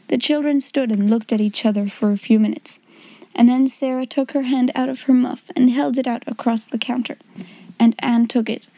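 A woman narrating a storybook in a calm, measured way. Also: on the high side, no room sound. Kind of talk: storybook reading.

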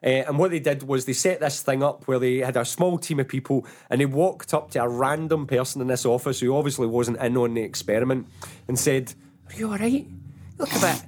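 A Glaswegian man chatting as a podcast guest and explaining through little stories. He slips into acted-out voices and swears freely. His pitch sits at an ordinary middle height for a man. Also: steady tone, brisk, a little mellow. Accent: Glaswegian Scottish. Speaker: podcast guest, author of a self-help book. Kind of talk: casual podcast chat.

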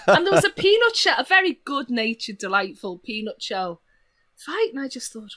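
Animated woman with a Liverpool accent. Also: normal speed. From Liverpool, England. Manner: animated storyteller, laughs often, voice swoops high in anecdotes. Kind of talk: casual chat.

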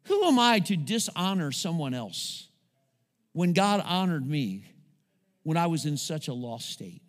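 A man's voice: fairly high pitch, very animated, a little slow, long reverb tail. A male pastor preaching a sermon to his congregation, calling out to them and asking for responses as he goes. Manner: preaching with call-outs to the congregation. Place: church sanctuary.

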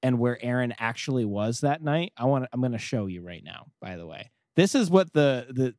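A man's voice: mid-range voice, lively intonation, normal speed, darkish tone, dry recording, clean studio sound. A young man co-hosting a podcast, teasing and disbelieving in casual banter. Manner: teasing, incredulous. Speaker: podcast co-host.

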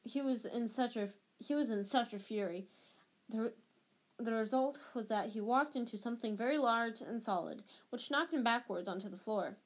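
A woman reading a novel aloud in a steady, plain storytelling manner. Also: a little high, moderate pace. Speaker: reader.

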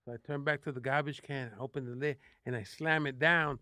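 A man from New City, a guest telling animated, profane stories with lots of restarts. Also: medium pitch, brisk, no echo, studio quality. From New York City. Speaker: guest actor. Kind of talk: casual interview storytelling.

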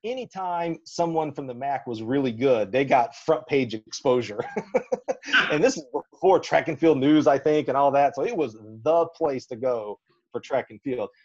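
A man from Alabama, a track coach, spins a long story on a podcast in a folksy, animated way and acts out every quote. His voice sits mid-range, and the recording is slightly muffled and lo-fi. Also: mid-range voice, moderate pace. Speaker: track and field coach, guest. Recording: slightly dull lo-fi audio.

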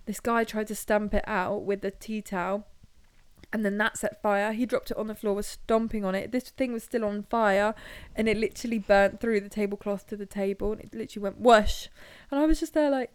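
A woman's voice: mid-range voice, steady tone, fairly quick, smooth, dry recording. A young Englishwoman co-hosting a casual podcast chat, telling stories in a giggly, chatty way. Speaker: podcast co-host.

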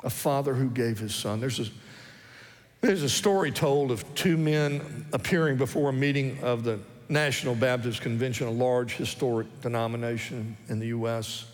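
A man's voice: medium pitch, moderate pace. A male pastor preaching a sermon earnestly and repeating his key phrases for emphasis. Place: church sanctuary. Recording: long reverb of a church hall.

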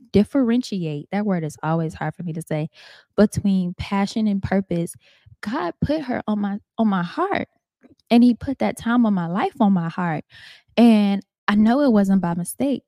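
Woman podcast host, mellow tone, dry close sound, casual and earnest storytelling. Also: mid-range voice, no echo. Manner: chatty, addresses listeners as "y'all"; storytelling, earnest and faith-filled. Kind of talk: casual heartfelt monologue.

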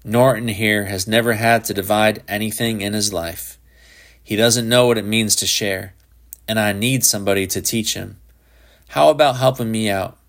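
Self-righteous do-gooder father, insistent and preachy, low voice, read by a man. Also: steady tone, normal speed, close to an everyday voice. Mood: pleading. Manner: earnest, insistent, slightly preachy.

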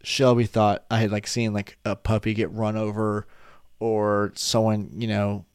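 A man's voice: on the low side, completely flat delivery, a little slow, smooth, dry recording, studio quality. A man in his twenties talking casually into a desk microphone at home, rambling off on tangents while sleepy and yawning. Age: 20s. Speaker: vlogger.

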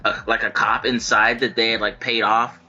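A man co-hosting a casual podcast with a bright, forceful voice, thinking out loud and rambling, stacking "like" and "you know" through every thought. The mic sounds a little dull and lo-fi. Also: fairly low pitch, little pitch movement, normal speed, slightly rough. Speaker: podcast co-host.

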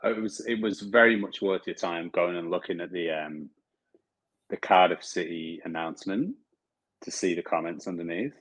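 Husky low-voiced man chatting football. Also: normal speed, no echo, low-quality recording. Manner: animated storyteller, mimics fans in high voices, swears. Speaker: podcast co-host. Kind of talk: casual football chat.

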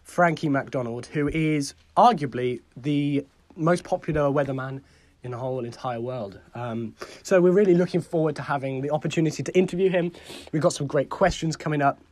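A man's voice: fairly high pitch, fairly quick, darkish tone, no echo. A man hosting a podcast with a cold that makes him sound nasal. He introduces guests eagerly and often repeats words. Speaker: podcast host. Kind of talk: casual podcast chat.

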